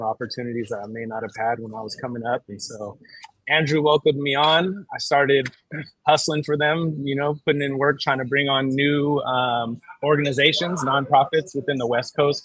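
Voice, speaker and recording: A man's voice: mid-range voice, fairly bright tone, rough recording. A man serving as vice chair of a nonprofit board, telling his story in a laid-back, slangy way. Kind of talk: casual interview answer.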